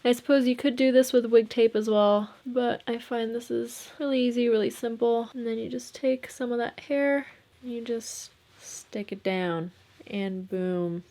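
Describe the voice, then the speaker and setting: A woman's voice: a little high, steady tone, unhurried, warm tone. A woman chatting casually through a makeup and cosplay tutorial, talking in a chatty, self-deprecating way and laughing at herself.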